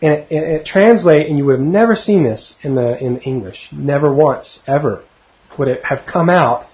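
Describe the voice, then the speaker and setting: A man's voice: on the high side, moderate pace. Man teaching scripture, muffled recording. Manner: conversational, asks the listeners questions, laughs often. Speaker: Bible teacher. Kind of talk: verse-by-verse Bible teaching. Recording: dull lo-fi recording.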